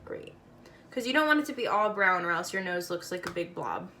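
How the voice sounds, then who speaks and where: A woman's voice: on the low side, animated, a little fast, sharp tone, slight background noise. A woman casually talking through a makeup tutorial, chatty and playful with slangy asides.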